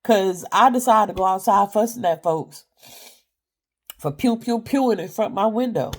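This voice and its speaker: A woman's voice: medium pitch, normal speed. Grandmother vlogger, congested, easygoing home chat. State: stuffy with a cold. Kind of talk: casual chat to viewers. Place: in bed at home.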